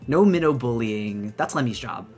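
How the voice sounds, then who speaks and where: Brief: young woman streamer, bubbly and gushing, lively up-and-down pitch, faint music underneath. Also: normal speed. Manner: bubbly, gushing, rambling with restarts. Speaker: VTuber streamer. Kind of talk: excited casual live-stream chat.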